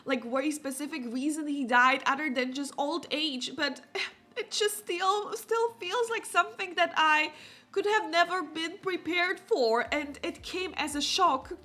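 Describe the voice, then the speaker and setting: Woman doing a grieving young sim lady in a video game, high bright voice, halting and sighing. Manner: halting, breathless with sighs. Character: grieving young woman Sim, shaken by her father's death.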